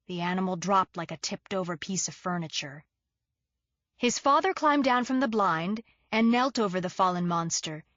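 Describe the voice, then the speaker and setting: A woman's voice: lowish voice, fairly bright tone, no room sound, lo-fi sound. A woman narrating a mystery thriller audiobook with a tense, dramatic reading.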